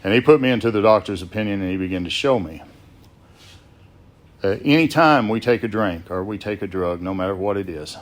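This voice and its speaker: A deep-voiced man tells his recovery story to a gathered group. He speaks plainly and slips into quoted exchanges with others. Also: a little fast. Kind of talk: storytelling talk at a sobriety gathering. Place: gathering at a biker rally.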